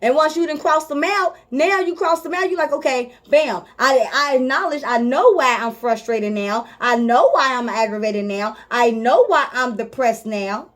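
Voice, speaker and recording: Female life coach, high-pitched, emphatic motivational delivery, repetitive and informal. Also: expressive, normal speed, hardly any pauses. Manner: emphatic and repetitive, drives points home; speaks directly to viewers, informal. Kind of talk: motivational talk to camera.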